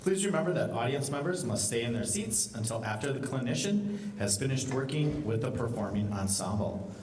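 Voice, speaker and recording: A man reading formal announcements as festival announcer, measured and plain. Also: medium pitch, expressive, darkish tone, a little hiss or hum. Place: large school auditorium. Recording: echoey hall, distant mic.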